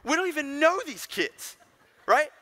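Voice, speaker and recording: A man voicing a jealous six-year-old boy who complains in a high, strained voice. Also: big pitch swings, a little slow, sharp tone, exaggerated voice. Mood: indignant.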